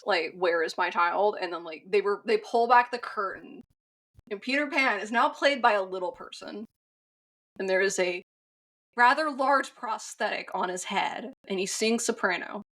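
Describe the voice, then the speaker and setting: A woman co-hosting a podcast recaps a film in a rambling, casual style, using plenty of fillers and swearing frankly. Her mid-range voice is a bit bright, at normal speed.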